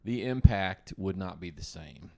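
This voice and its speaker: A man's voice: low voice, unhurried, vocal fry. A middle-aged man, a father co-hosting a podcast with his son, chatting casually about old films and joking about himself. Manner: jokey, self-deprecating, relaxed. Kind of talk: casual chat.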